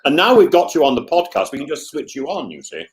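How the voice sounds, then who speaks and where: Man, podcast co-host, casual chat, stammering, effusive, very animated intonation. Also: a little high, fast talker.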